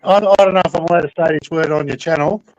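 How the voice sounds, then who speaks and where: A man's voice: on the high side, steady tone, racing, no echo, lo-fi sound. A man calling in as a guest, chatting bluntly and laughing along. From Australia. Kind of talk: casual chat on a call.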